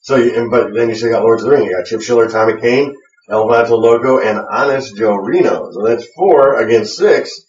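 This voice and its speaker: A man's voice: mid-range voice, fairly quick, darkish tone. A man co-hosting a web wrestling show, chatting casually with lots of fillers and restarts. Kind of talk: casual chat with hesitant fillers. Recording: echoey room, distant lo-fi mic.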